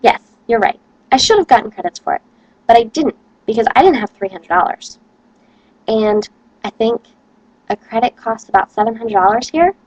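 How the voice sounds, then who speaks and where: A woman's voice: a little high, lively intonation, normal speed, pauses often, darkish tone, dry recording, lo-fi sound. A young woman, a college student, rambling casually to camera and complaining with lots of "like". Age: young adult.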